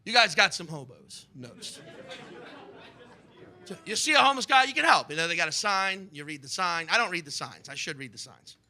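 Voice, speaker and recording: A male stand-up comedian from the United States performing live on stage, animated and profane with sudden shouted bursts. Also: high voice, fairly quick.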